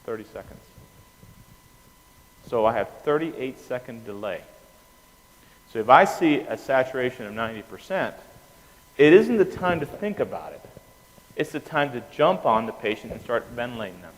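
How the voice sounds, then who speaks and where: A man giving an anesthesia lecture, animated, quizzing the class and often checking in with "okay?". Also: mid-range voice, moderate pace, pauses often. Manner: animated, asks the class questions, keeps saying "okay?". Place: lecture room. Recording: reverberant hall with faint noise.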